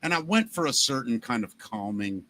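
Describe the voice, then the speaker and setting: A man with a Baltimore accent hosting a podcast, telling jokey stories in a lively, animated way. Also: medium pitch, moderate pace, slight background noise. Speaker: podcast host. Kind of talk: casual chat.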